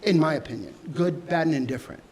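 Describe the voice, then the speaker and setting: A man, a fashion designer, answering audience questions with candid, animated storytelling and acted-out dialogue. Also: on the high side, fast. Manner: animated, acts out quoted dialogue.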